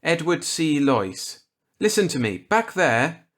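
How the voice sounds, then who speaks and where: A man voicing a panicked middle-aged shopkeeper, pleading and shouting in desperation. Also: a little high, big pitch swings, takes it slowly, voice pushed up, heavily acted. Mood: shaken.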